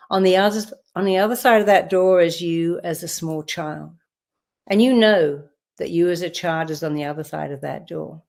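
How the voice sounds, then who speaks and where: Woman talking people through a healing visualization, keeps repeating lines for them to say back, kinda low gravelly voice. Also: darkish tone. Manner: directive, repeats phrases for the listener to say aloud. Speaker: therapist leading an exercise. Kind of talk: guided visualization. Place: live online session.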